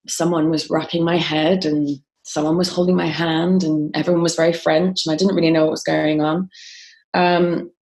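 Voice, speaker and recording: Low, gravelly-voiced woman. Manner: frequent ums and restarts, quoting others as she tells it. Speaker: guest. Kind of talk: conversational interview storytelling.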